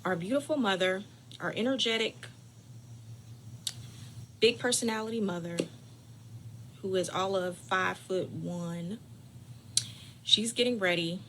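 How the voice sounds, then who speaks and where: A woman host telling a personal family story in a lively, dramatic way, chatting directly with her listeners and dropping to whispers for suspense. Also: medium pitch, unhurried, long pauses, background noise. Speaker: caregiving channel host.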